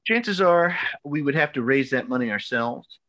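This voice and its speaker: An American man in his thirties, a podcast co-host, telling a story casually with lots of fillers and lively quoted voices. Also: medium pitch, moderate pace, dry recording. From United States. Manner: animated, filler-heavy storytelling.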